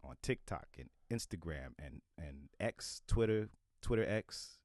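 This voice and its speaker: A middle-aged man on a podcast, talking with a low voice that swings up and down freely. He is a comedian guest, animated and casual. The sound is close and dry. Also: unhurried, no echo. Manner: animated, slips into loud impressions.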